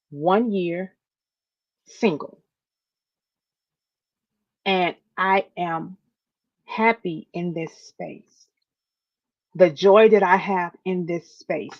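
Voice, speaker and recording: A woman hosts a podcast in a lowish voice, speaking straight to her listeners with heartfelt emphasis and repeated phrases. She sounds close to tears. The audio is dull and lo-fi. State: near tears. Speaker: podcast host.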